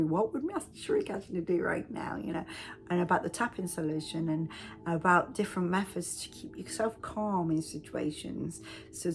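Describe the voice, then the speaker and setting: Low-voiced woman telling a rambling story. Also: darkish tone, slight background noise. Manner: rambling, restarts often. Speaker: self-help speaker. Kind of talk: casual storytelling.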